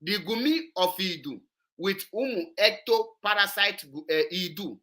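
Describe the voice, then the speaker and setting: A woman's voice: mid-range voice, expressive, unhurried, pushed and bright. A woman, hosting an online show and commenting on a played clip, emphatic and repetitive. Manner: emphatic, repetitive, switches into Igbo.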